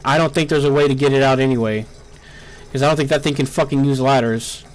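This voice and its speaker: A man's voice: mid-range voice, fairly even intonation, slight background noise. A man giving live gameplay commentary, frustrated and swearing, firing off strings of "no" as things go wrong. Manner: frustrated, swearing, repeating "no" rapidly. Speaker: gameplay streamer.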